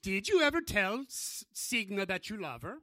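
A man's voice: sits high, big pitch swings, unhurried, sharp tone, no room sound, voice pushed up, heavily acted. A man putting on a jokey Irish-sounding voice for a Scandinavian joke character, playful and exaggerated. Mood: teasing. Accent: Irish, put on.

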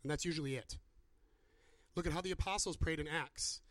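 A man preaching and answering questions, animated and acting out the people he quotes. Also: a little high, brisk, dry recording. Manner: animated, acts out quoted voices. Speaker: pastor. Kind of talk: sermon with Q&A.

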